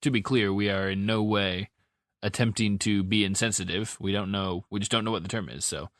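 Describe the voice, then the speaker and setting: A man's voice: lowish voice, steady tone, a little fast, no echo, studio quality. A man co-hosting a podcast, talking in a rambling, easygoing way with many fillers. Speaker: podcast co-host. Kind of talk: casual chat.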